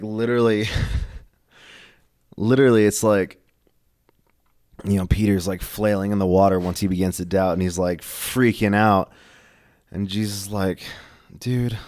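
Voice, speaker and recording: A young man co-hosting a church podcast, talking in a casual, halting way full of fillers and restarts. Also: low-pitched, darkish tone. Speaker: podcast co-host. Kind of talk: casual faith discussion.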